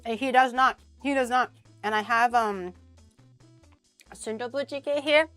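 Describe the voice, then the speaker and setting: A woman's voice: a little high, measured pace, a bit bright, no room sound, faint music behind. A woman streamer chatting casually while tasting food she cooked, bubbly and talkative. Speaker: streamer host. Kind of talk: casual chat while eating.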